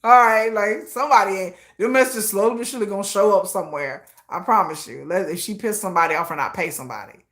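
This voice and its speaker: Bright-voiced woman gossiping on a live stream. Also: medium pitch, fast talker, few pauses. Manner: animated, laughing often, slangy and gossipy. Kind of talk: casual commentary live stream.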